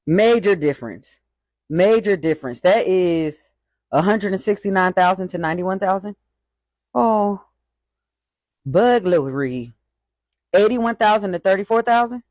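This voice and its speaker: Slow, mocking voice reading out statistics. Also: medium pitch, expressive, a little mellow, no room sound. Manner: mocking, reacts to each figure. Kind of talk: casual commentary reading out statistics.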